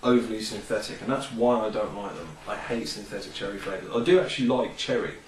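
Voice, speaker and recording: A man's voice: fairly low pitch, quick pace, slight background noise. A man reviewing a product in a casual, rambling vlog, full of ums and enthusiasm. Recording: roomy, distant from the mic.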